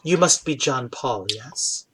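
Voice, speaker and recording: A man voicing a soft-spoken woman priestess. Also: medium pitch, animated, slow pace, a crowd in the background. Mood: gentle. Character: serene woman priestess, weary and gentle.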